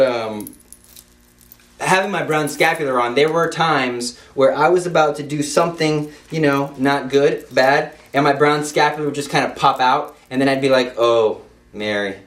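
A man's voice: mid-range voice, steady tone, moderate pace. A young man giving an informal Catholic devotional talk in an emphatic, repetitive way, with playful asides. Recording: echoey room, speaker off-mic.

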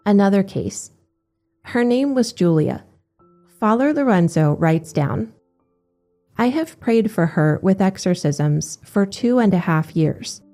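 A woman giving a steady, measured scripted narration of religious accounts. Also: mid-range voice.

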